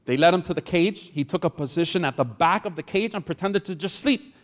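This pastor's voice sits a little high, expressive and brisk, as he delivers a sermon built around a story. He's jokey and chats with his congregation, and the church hall adds a long reverb to the recording.

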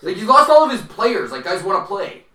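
A man co-hosting a casual sports podcast, talking in a lively, animated way. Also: high voice, a little fast, echoey room, crowd noise. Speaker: podcast co-host.

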